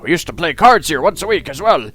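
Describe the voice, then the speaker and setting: A man's voice: a little high, sing-song, fast talker, pushed and bright, husky, no room sound, pitched above the performer's own voice, full character voice. A man voicing a genial old male guildmaster, a retired adventurer who reminisces in a chatty, friendly way over faint guitar music.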